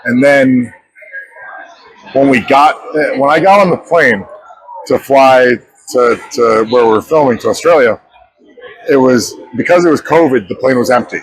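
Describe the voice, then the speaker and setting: A man, an actor in his thirties, telling stories in a lively way as an interview guest at a convention, acting out the dialogue he quotes. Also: mid-range voice, measured pace, rough recording. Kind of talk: animated storytelling interview. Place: pop culture convention.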